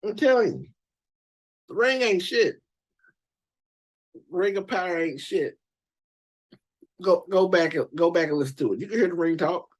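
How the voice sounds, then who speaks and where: A man hosting a reaction channel, ranting casually about movie characters in a profane, emphatic, animated way. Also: sits high, moderate pace, pauses often.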